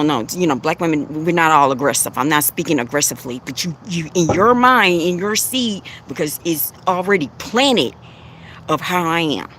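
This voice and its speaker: A woman's voice: deep voice, fairly bright tone, slight background noise. A woman giving an impassioned spiritual talk as a livestream host, preachy and repetitive. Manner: passionate, preachy, repeats herself.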